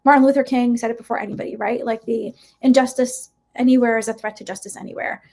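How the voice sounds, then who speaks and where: Impassioned high-voiced woman. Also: fairly even intonation, fast talker, a little mellow. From United States. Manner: impassioned, emphatic, frequent rhetorical "right?". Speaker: guest educator. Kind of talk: podcast interview.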